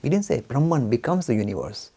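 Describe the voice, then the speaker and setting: A man lectures in a lively, swooping voice that has a gravelly edge. His tone is mellow and a little husky. He poses rhetorical questions and plays out both voices of an imagined argument. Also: medium pitch, brisk. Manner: asks rhetorical questions and acts out both sides of a dialogue. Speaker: lecturer on religion.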